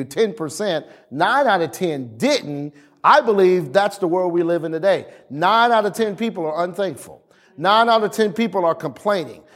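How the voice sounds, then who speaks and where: A man preaching as a pastor, slowing for emphasis and acting out family scenes. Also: high voice. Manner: lively preaching, slows for emphasis, acts out family dialogue. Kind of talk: sermon.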